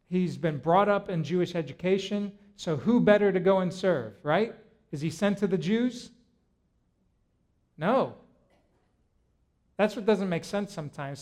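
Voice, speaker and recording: A man preaching a sermon, retelling a story in a lively way and often stopping to restart his words. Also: high-pitched. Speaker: pastor.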